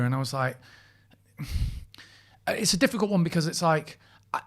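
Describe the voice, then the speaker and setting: A man's voice: a little high, animated, moderate pace, gravelly. A man co-hosting a podcast, telling stories in casual chat, laughing often and mimicking the people he quotes. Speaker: podcast co-host.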